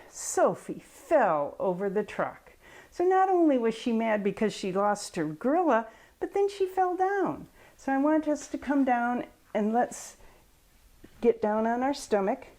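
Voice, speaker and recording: Slow, patient woman leading kids' yoga. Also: fairly high pitch, animated, a little mellow. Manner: patient, encouraging coaching of children. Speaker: children's yoga teacher. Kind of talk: storybook reading with kids' yoga instruction.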